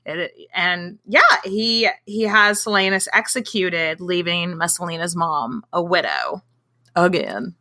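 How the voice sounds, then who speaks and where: A woman co-hosting a history podcast, chatting casually and irreverently with quick asides. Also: on the low side, animated, pushed and bright. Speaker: podcast co-host.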